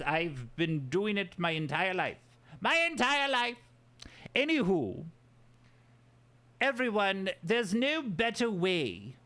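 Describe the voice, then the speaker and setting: A man's voice: sits high, a bit bright. A man casually chatting with his livestream audience in a goofy, playful way. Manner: goofy, playful banter with chat. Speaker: streamer.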